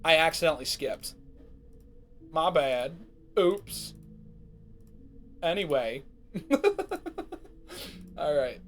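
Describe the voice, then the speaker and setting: A man's voice: a little high, a bit bright, slight background noise. A man hosting his channel, chatting and reacting between reading comic panels. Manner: chatty, reacts with quick laughs. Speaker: channel host.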